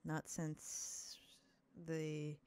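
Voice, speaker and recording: A woman voicing an ancient, immortal female being who speaks in a measured, quiet way. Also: sits low, monotone, smooth, no room sound, pitched below the performer's own voice, full character voice. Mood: calm, knowing.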